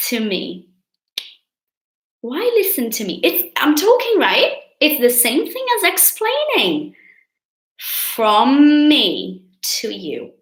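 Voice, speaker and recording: A woman's voice: on the high side, a bit bright, reverberant, poor audio. A woman with a Brazilian accent teaching English in a live online lesson, chatty with her viewers and stretching out key words. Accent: Brazilian Portuguese.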